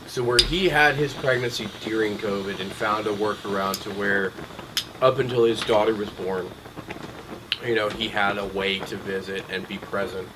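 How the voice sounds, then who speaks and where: A man's voice: fairly low pitch, background noise. A young adult man hosting a casual chat, rambling with lots of ums and restarts. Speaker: podcast host.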